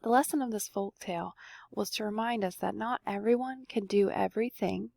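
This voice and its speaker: Young teacher lady reading a storybook out loud, expressive, bit of vocal fry, dry close mic. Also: medium pitch, brisk, no echo. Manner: expressive, asks listeners questions. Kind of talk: read-aloud storytelling lesson.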